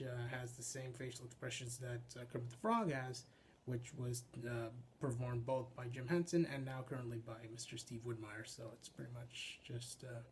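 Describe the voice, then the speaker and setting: Young adult man, puppeteer, informal explanation, halting delivery, frequent restarts, faint background hiss. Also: medium pitch. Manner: halting, restarts sentences, frequent filler sounds. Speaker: puppeteer and voice actor.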